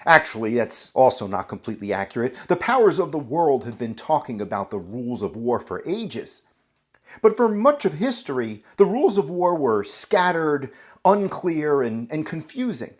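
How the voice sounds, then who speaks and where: Animated, dramatic male podcast host. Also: a little high, normal speed. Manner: dramatic, addresses the listener directly. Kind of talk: scripted storytelling narration.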